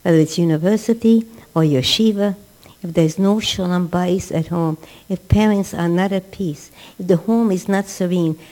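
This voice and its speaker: A woman's voice: fairly low pitch, moderate pace, mellow, rough recording. A woman giving a religious class as a rebbetzin, emphatic and repeating words for stress. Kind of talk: religious lecture.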